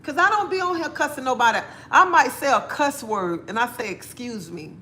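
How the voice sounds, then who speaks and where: A woman's voice: high voice, big pitch swings, fairly quick, sharp tone, a little hiss or hum. A middle-aged woman, chatting bluntly on a livestream and laughing often. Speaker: livestream host. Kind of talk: casual livestream chat.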